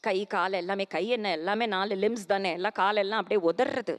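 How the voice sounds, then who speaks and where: Animated Indian woman, auditorium echo. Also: mid-range voice. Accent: Indian English. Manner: rapid rhetorical questions, slow chanted Sanskrit verses. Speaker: spiritual speaker. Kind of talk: spiritual discourse with storytelling. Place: large auditorium. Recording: auditorium reverb.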